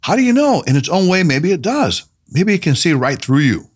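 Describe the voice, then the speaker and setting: A man voicing a calm, playful male spiritual teacher in an audiobook, speaking gently, with teasing emphasis. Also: high voice, brisk, slightly rough, pitched above the performer's own voice, heavily acted. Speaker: mentor character in an audiobook. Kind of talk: audiobook character reading.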